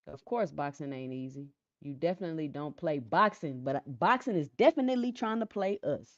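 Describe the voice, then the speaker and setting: A woman hosting a casual live stream who chats with viewers, reads out their comments and often repeats her phrases in a calm, low-key way. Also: brisk, dry recording. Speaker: livestream host. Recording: dull lo-fi sound, dry.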